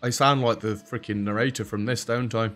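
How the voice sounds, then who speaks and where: A man's voice: fairly low pitch, steady tone, a little fast, fairly bright tone. Dry, sarcastic English man. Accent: English, dropped H's and T's. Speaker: let's play host. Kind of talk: casual gaming commentary.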